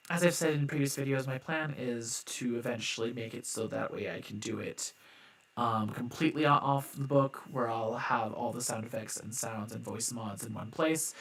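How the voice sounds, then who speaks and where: A man narrating a live-streamed improv story with expressive dramatic delivery. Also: mid-range voice. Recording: echoey reverb with loud music.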